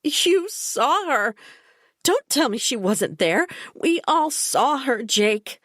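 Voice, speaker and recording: A woman's voice: on the high side, lively intonation, a little slow, no room sound, clean studio sound, voice pushed up. A woman reading an audiobook, voicing a distraught young pregnant woman who pleads desperately. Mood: frantic pleading.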